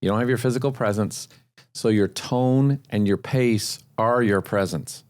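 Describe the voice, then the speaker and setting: A man's voice: lowish voice, unhurried, darkish tone. A man co-hosting a sales podcast, coaching listeners in an explanatory way and repeating points for emphasis. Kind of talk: podcast discussion.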